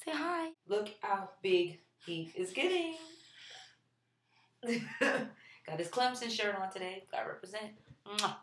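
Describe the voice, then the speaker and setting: Bright chatty mom talking to the camera, playful, lots of "like", roomy sound. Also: female voice, medium pitch, lively intonation, slow, long pauses, slight background noise. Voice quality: chatty, filler-heavy delivery. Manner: playful, talks to the baby in between. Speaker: mother and vlogger. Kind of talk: casual chat to camera.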